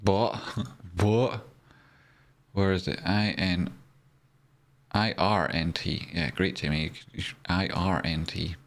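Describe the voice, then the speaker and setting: A Scottish man with a very low voice hosts a relaxed trading livestream. He banters and teases, reading comments aloud in an easygoing, joking way. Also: slow. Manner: chatty and joking, reads viewer comments aloud. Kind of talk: casual live-stream chat.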